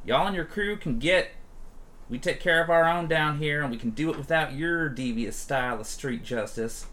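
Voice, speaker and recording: A hard-nosed woman bar owner who scolds bluntly in a folksy voice, as a male game master plays her. The voice sits a little higher than his own and stays firm and steady. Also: moderate pace. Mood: stern. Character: tough woman bar owner, fiercely protective.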